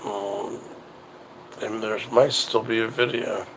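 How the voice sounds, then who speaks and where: A man hosting a casual chat show talks slowly and unhurriedly, his voice rough with gravelly fry. He rambles and circles back over his words. A faint hum of noise sits behind him. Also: on the low side, little pitch movement, fairly bright tone, low-quality recording. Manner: rambling, halting, repeats himself. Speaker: show host.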